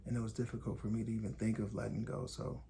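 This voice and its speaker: A man from Indiana hosting a podcast, telling a personal story in calm, deliberate, short measured phrases. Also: lowish voice, gravelly, a little hiss or hum. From Gary, Indiana, USA. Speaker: podcast host. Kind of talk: reflective personal storytelling monologue.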